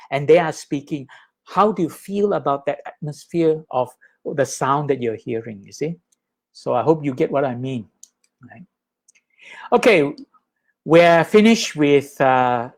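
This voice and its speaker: A man teaching in a live Dhamma talk, conversational and animated, often checking in with his listeners. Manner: animated, acts out high and low sounds with his voice. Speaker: Buddhist teacher.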